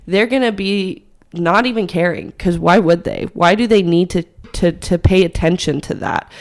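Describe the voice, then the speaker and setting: A young woman co-hosting a podcast, hoarse from hay fever, with a raspy voice, chatting frankly and laughing often. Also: fairly low pitch. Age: young adult. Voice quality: raspy, gravelly. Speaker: podcast co-host. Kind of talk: casual chat.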